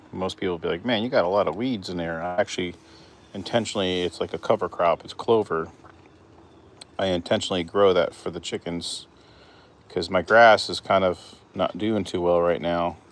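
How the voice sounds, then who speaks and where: Very low-voiced man, relaxed backyard vlog. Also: a little hiss or hum. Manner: relaxed, rambling, chatty with his hens. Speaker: backyard chicken keeper, vlogger. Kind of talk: casual walk-and-talk vlog. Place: outdoors in a backyard garden. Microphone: handheld phone camera.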